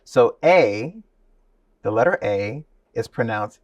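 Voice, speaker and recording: A man's voice: medium pitch, lively intonation, moderate pace, vocal fry, no echo, distant mic, lo-fi sound. A man, a voice teacher, explaining his methods with enthusiasm as an interview guest.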